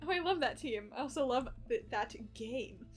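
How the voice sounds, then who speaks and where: Woman reading as a tipsy middle-aged barfly from a dating game, teasing and flirty, high bright voice, soft music behind. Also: expressive, normal speed. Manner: flirty, teasing lines read aloud.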